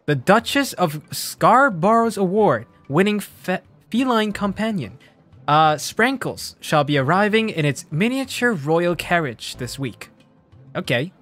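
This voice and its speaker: A man's voice: sits high, big pitch swings, unhurried, fairly bright tone, soft background music. A man streaming a video game, laughing often and reading the game text aloud.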